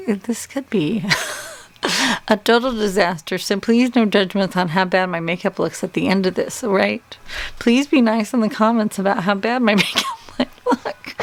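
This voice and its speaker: A woman's voice: medium pitch, creaky. A woman in her forties chatting casually as a beauty vlogger, rambling, trailing off and restarting her sentences. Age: 40s. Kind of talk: casual makeup tutorial chat.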